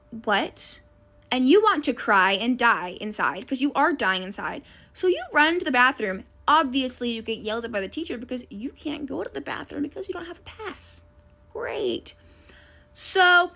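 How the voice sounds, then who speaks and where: A young woman telling a school story in a casual, animated way, addressing the listener as "you". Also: high voice. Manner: animated second-person storytelling.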